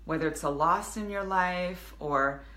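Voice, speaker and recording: A woman's voice: lowish voice, measured pace, bright, forceful tone, reverberant. A woman in her thirties, a business coach speaking earnestly to her viewers in a live video, with many restarts. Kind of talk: casual motivational live video.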